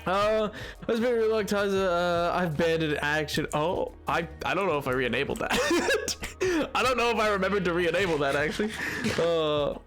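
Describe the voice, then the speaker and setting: A man's voice: sits high, lively intonation, normal speed, fairly bright tone, faint music behind. A man live-streaming a game, chatting playfully and joking with his viewers. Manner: playful and joking, talks to chat. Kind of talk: casual live-stream chat while gaming.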